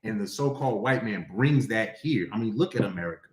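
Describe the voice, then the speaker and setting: A man's voice: on the low side, lively intonation, a little fast, darkish tone. A man teaching a scripture class in a preachy lecturing manner, often stopping to ask if listeners understand, and reading verses aloud in a raised, declaiming voice. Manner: preachy, checks in often with rhetorical questions. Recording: echoey room.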